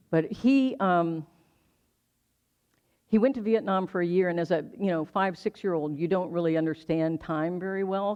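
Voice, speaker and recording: A minister in their sixties from the United States, preaching slowly and reflectively, telling a personal story and repeating words for emphasis. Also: mid-range voice, a little mellow. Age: 60s. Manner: slow, reflective, with emphatic repetition. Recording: slightly dull lo-fi stream audio.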